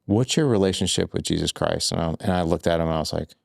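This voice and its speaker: Deep gravelly-voiced man telling a story. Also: quick pace, no room sound, studio quality. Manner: loose and repetitive, full of "like" and "I was like". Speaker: podcast guest, fatherhood coach. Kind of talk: candid storytelling in conversation.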